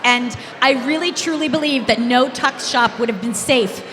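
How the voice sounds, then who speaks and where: A woman on a convention panel, telling playful stories in an animated, laughing way. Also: fairly high pitch, moderate pace. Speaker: panel guest. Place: large convention hall. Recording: echoey hall with background noise.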